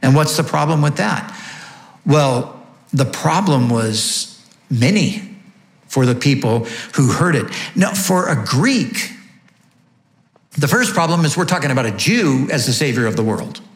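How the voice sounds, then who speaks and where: A man's voice: medium pitch, lively intonation, measured pace, reverberant. A man preaching a sermon, teaching emphatically and asking rhetorical questions. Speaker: pastor.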